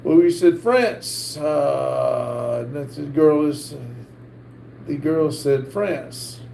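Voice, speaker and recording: A middle-aged man with a North Carolina accent hosts a live stream and reads viewer comments aloud, halting often with "uh". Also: a little high, gravelly, dark tone. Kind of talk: casual live-stream chat. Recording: echoey room with faint background hiss.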